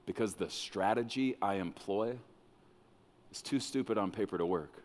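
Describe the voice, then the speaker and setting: A man preaching a sermon as pastor, dramatic, swinging between loud bursts and hushed lines. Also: on the low side, moderate pace. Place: church hall. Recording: long reverb of a large hall.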